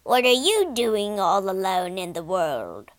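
A croaky gossipy old crow, as a woman reads him out, slow and sing-song, all ups and downs, crisp dry sound with no room to it, telling tales in a storybook voice. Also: mid-range voice, very animated, no room sound, pitched below the performer's own voice. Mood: chatty. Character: croaking talkative male crow, chatty and kindly.

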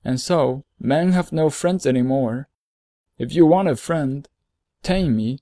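Storybook fox read by a man: wise, lonely, patient, a touch higher than plain talk, dry close sound. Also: dark tone, no echo. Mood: earnest. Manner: earnest, measured, explaining slowly. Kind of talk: storybook reading.

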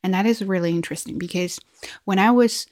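A woman's voice: medium pitch, a little fast, a little mellow, no echo, studio quality. Reflective woman with a Chinese accent. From China. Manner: reflective, with frequent restarts and fillers. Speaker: video host. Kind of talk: casual vlog monologue.

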